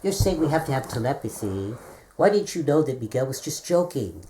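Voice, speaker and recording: A woman with a very low voice improvises an unscripted scene. She wonders aloud in an easygoing, questioning way. Faint noise runs underneath. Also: big pitch swings, brisk, mellow.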